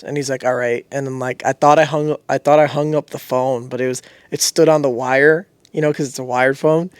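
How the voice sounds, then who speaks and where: A young man tells a story in casual podcast chat, his voice sitting a little high. He gets animated and laughs through his punchlines. The sound is close and dry. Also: normal speed, clear, resonant tone, no room sound. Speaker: podcast co-host.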